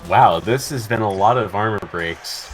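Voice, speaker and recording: A man's voice: on the low side, normal speed. A man casually commentating his own video game match, joking dryly and talking to his game pieces. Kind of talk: casual gameplay banter.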